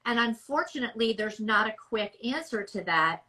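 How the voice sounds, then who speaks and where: A middle-aged woman speech therapist giving measured, emphatic explanations in a podcast interview. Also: fairly high pitch, animated, pushed and bright, poor audio.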